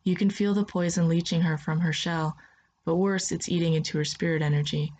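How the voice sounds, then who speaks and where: A woman narrating a second-person story in a soft, steady voice. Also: lowish voice, fairly quick.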